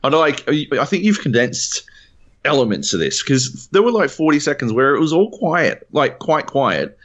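A man's voice: fairly high pitch, big pitch swings, normal speed, a bit bright. A man chats on a podcast, his voice swooping widely up and down. He cuts in expressively and swears through his commentary, all over a dull, lo-fi microphone. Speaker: podcast co-host. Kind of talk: casual chat. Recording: dull lo-fi mic.

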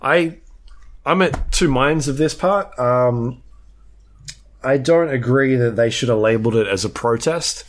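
A man co-hosting a casual podcast chat, speaking in a hesitant, measured way with many fillers. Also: medium pitch. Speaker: podcast co-host.

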